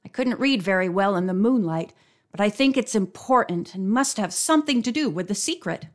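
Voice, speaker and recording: A man's voice: sits high, expressive, fairly quick. A woman reading as an earnest young man. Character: young man, loyal and admiring friend.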